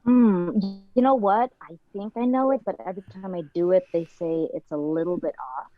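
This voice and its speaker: A woman's voice: lowish voice, normal speed, faint music behind. Chatty young woman, dull lo-fi sound. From Philippines. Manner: chatty, filler-heavy, playful. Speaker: guest, content creator. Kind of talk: casual interview chat.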